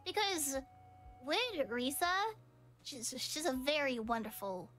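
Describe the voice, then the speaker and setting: Giggly high-voiced young woman streamer. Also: sing-song, slow, fairly bright tone, faint music behind. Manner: giggly, rambling, teasing. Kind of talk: casual stream chat.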